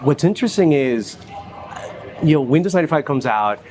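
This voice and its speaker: A man in his forties from Venezuela, a company CFO telling relaxed stories with many fillers in an interview at a stock exchange. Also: fairly high pitch, fairly quick, slight background noise. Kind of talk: casual interview. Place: New York Stock Exchange floor.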